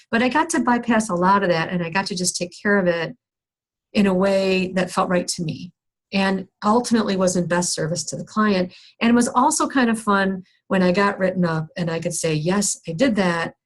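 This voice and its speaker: A woman's voice: mid-range voice, brisk. A middle-aged woman counselor telling a candid, self-deprecating personal story in a skills workshop, with many restarts and fillers. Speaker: counselor teaching a skills session.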